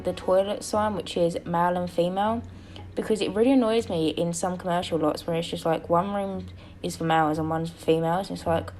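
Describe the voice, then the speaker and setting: Tired, slightly croaky woman rambling. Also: lowish voice, a little mellow, slight background noise. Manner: rambly, chatty, lots of fillers. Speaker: video creator narrating a build. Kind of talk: casual voice-over commentary.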